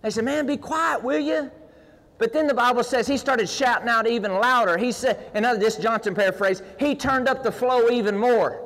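A fervent male preacher with a high-pitched voice delivers a sermon, swinging from folksy asides to near-shouted pleas. His voice rings out with a long echo, as in a big hall. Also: a little fast, hardly any pauses. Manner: passionate, builds to near-shouting in acted prayers; folksy, uses roping and gym stories.

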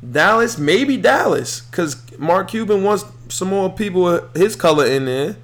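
A man's voice: high-pitched, a little slow. A young man hosting a podcast, talking solo about sports in a loose, heated, profane way. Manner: animated, swears freely, heated rants. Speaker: podcast host. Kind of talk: casual solo sports talk.

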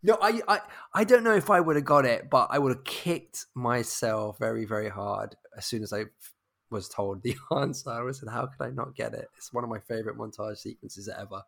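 A man's voice: mid-range voice, moderate pace, creaky, fairly bright tone. A man hosting a podcast film quiz, talking casually and with some hesitation. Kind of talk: casual chat.

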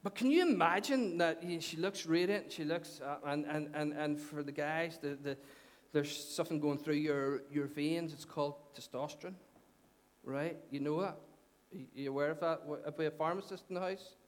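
High-voiced pastor preaching. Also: male voice, moderate pace. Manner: conversational, repeats phrases, asks the congregation questions. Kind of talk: sermon. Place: church hall. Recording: long church hall reverb.

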